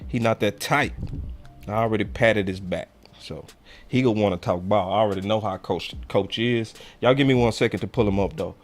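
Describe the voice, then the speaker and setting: A man's voice: lowish voice, brisk. Slangy, easygoing man hosting a fan show. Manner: loose and slangy, keeps urging viewers to like. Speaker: host of a fan call-in show. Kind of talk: casual live-stream chat.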